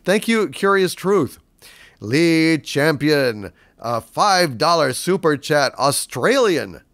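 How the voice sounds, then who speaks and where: A man's voice: on the high side, big pitch swings, takes it slowly, fairly bright tone, no echo, studio quality. A man hosting a live stream, chatting off the cuff as he answers viewer donations. He rambles, stammers over repeated words and swears casually. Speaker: livestream host reading viewer donations. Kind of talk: casual unscripted chat.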